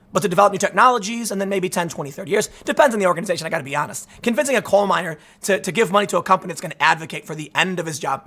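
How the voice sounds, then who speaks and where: A man hosting casual political commentary, rambling and animated, repeating himself and acting out imagined exchanges. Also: sits high. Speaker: commentary host.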